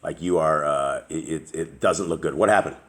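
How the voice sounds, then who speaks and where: A man with a very deep voice hosts a casual chat. He rambles along with plenty of fillers and restarts. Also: moderate pace, fairly bright tone. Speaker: host.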